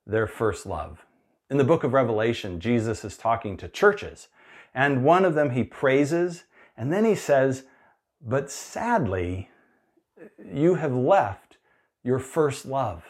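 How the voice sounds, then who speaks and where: A man preaching a sermon in an unhurried, conversational way, dropping into playful voiced asides. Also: mid-range voice. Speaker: pastor.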